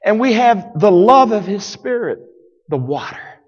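A man's voice: high-pitched, sing-song, a little slow, slightly rough, muffled recording. Man preaching in a reverberant hall. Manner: dramatic preaching, swings from loud to hushed. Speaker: pastor. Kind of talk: sermon. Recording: long reverb of a large hall.

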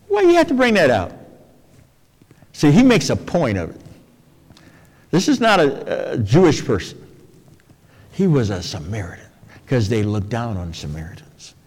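A man preaching a sermon, folksy and expressive, dropping to soft low phrases and jumping to high, emphatic ones. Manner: folksy, colloquial asides. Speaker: pastor. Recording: long hall reverb.

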